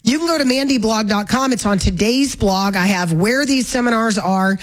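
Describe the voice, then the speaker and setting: A woman hosting a talk radio show, chatting briskly and correcting herself mid-sentence. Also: fairly high pitch, rough recording. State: hiccups. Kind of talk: casual talk radio chat.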